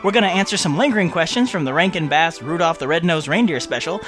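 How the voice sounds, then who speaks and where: A man's voice: fairly high pitch, quick pace, music in the background. A man hosting a podcast, chatting in an upbeat way and reading out listener mail with chatty asides. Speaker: podcast host.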